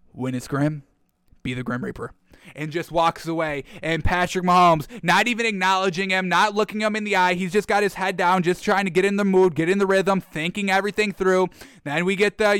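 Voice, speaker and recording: Bright, excitable male sports show host. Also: sits high, smooth, dry recording, clean studio sound. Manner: excitable, rants and repeats himself. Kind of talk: casual sports commentary.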